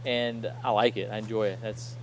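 A man's voice: on the low side, flat delivery, normal speed, a little hiss or hum, low-quality recording. A man in his thirties, co-hosting a casual chat, rambling and correcting himself as he goes. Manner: rambling, self-correcting, upbeat.

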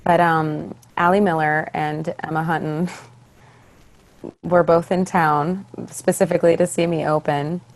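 A young woman, a stage actress, chatting as a podcast guest, telling her story with lively acted-out quotes. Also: sits low, unhurried. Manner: animated, acts out quoted voices. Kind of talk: casual interview storytelling.

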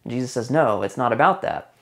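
A man preaching a sermon in a conversational way. He slows down for emphasis and repeats key phrases. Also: medium pitch, lively intonation. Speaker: pastor.

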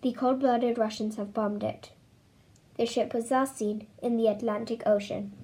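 A woman's voice: fairly high pitch, fairly even intonation, normal speed, warm tone, a little hiss or hum, natural voice, rough recording. A woman voicing a stern, well-spoken male radio announcer in a story reading. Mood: solemn. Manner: formal, strict.

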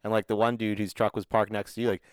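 Chill guy on a podcast, cussing and laughing along, kinda low voice. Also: level tone, quick pace, no room sound. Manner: laid-back, profane, chuckling. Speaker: podcast co-host. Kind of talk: casual chat.

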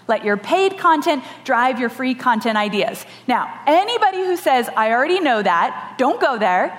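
A woman giving a lively storytelling keynote on stage, animated and laughing often, with dramatic voices for the people in her story. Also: sits high, normal speed, few pauses. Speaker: podcast host giving a conference talk. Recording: live talk with long hall reverb.

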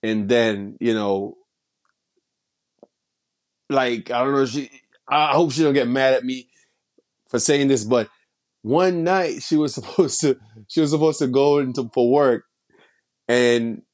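A man spins a personal story in relaxed street slang, circling back and repeating himself as he goes. He keeps restarting his sentences and tosses in swearing without a second thought. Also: medium pitch, a little slow, pauses often. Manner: rambling, with many restarts and repeated phrases.

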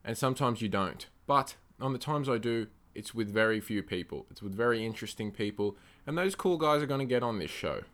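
A man hosting his own solo podcast, rambling and swearing through rants that flare up loud and high when he gets angry. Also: animated, brisk, hardly any pauses. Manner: rambling, profane, ranting. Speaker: podcast host.

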